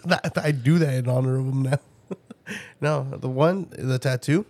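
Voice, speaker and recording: A man's voice: mid-range voice, moderate pace, a little mellow. A young man in casual chat, telling profane family stories and laughing often.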